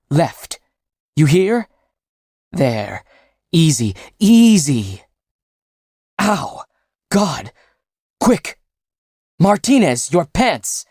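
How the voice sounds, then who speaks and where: A woman voicing a panicky, dramatic injured young man who shouts and wails orders at his friends in an audiobook. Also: low voice, breathy edge, no room sound, clean studio sound, voice pushed up, heavily acted. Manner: frantic shouting and wailing.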